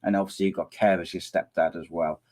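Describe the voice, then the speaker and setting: This is a middle-aged man from Wales with a lowish voice that is going hoarse. He talks casually to his live chat, reading out comments and teasing people. His sentences ramble and restart as he goes. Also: steady tone, quick pace, darkish tone. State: losing his voice. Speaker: podcast host reading viewer comments.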